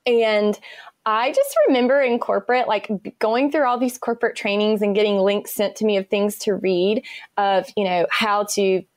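A woman's voice: mid-range voice, fairly even intonation, moderate pace, dry recording, clean studio sound. An enthusiastic woman, chatting as an interview guest and laughing often. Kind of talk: conversational interview.

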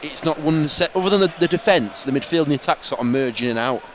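A man's voice: a little high, fast talker, slight background noise. A man co-hosting a podcast live from a football stadium, teasing and laughing as he talks. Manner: lively, giggly, teasing. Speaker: podcast co-host. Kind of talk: casual live banter. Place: outdoor football stadium stands. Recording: stadium music playing behind.

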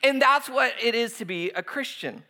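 A man in his thirties gives a relaxed sermon in a high, lively register. His tone is bright and forceful, and he keeps cracking self-deprecating jokes and chuckling as he preaches. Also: normal speed. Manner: joking, self-deprecating, laughs often. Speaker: pastor. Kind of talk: casual humorous sermon.

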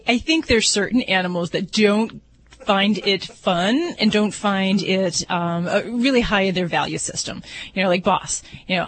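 A woman's voice: medium pitch, fairly bright tone. A woman veterinarian on a radio show, explaining things in an enthusiastic, upbeat chatty way. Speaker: veterinarian guest expert. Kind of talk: casual radio chat.

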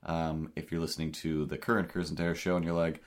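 Podcast co-host, male, Cape Breton accent, very deep voice, rambling casual talk full of fillers. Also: flat delivery, quick pace. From Cape Breton, Canada. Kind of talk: casual chat.

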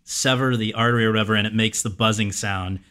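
A man's voice: fairly low pitch, fairly even intonation, fast, sharp tone, smooth. A man hosting an interview, asking long, effusive, conversational questions. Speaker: host.

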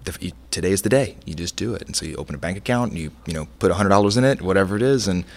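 Middle-aged male chef guest, deep gravelly voice, chatty and meandering in conversation. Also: very fast. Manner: rambling, many restarts, animated storytelling. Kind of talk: casual interview conversation.

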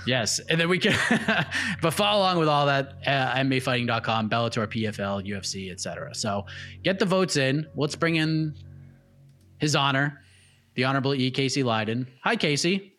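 Bright-voiced male podcast host. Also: medium pitch, expressive, brisk, faint music behind. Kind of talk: casual podcast chat.

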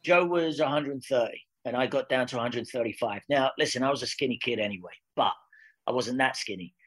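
A man's voice: medium pitch, brisk, slightly rough, low-quality recording. A Scottish man in his forties, a guest telling stories in a casual interview and laughing easily. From Scotland. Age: 40s. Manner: lively storyteller, laughs easily. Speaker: actor guest.

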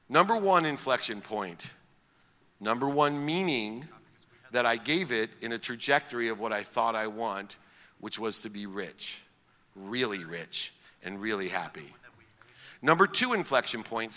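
A man's voice: mid-range voice, bright, forceful tone, long reverb tail. A middle-aged man from Ohio telling a personal story as a public speaker, emphatic and building his points in repeated lists. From Akron, Ohio, US.

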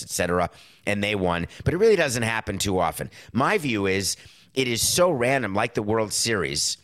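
A middle-aged man hosting a show, giving a casual sports commentary monologue with lots of rhetorical questions and quick self-corrections. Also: fairly low pitch, a bit bright, dry recording, studio quality. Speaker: podcast host.

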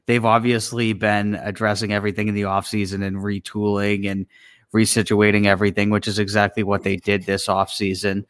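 A laid-back man co-hosting a casual podcast, mostly reacting briefly before giving his own take. His voice sits low and relaxed, recorded close and dry. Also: fairly quick, no room sound. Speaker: podcast co-host. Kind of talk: casual chat.

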